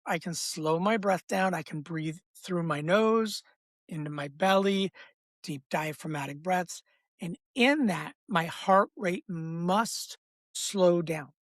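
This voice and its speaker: A man's voice: high-pitched, takes it slowly, no echo. Emphatic man coaching breathwork, dry sound. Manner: emphatic, repetitive teaching cadence; animated, acts out inner voices. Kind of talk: podcast interview, explaining.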